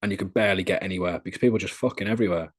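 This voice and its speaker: A man's voice: deep voice, very fast. A young British man telling candid, crude anecdotes in a casual podcast interview. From Britain. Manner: candid, chatty storytelling with crude humour. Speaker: adult content creator being interviewed.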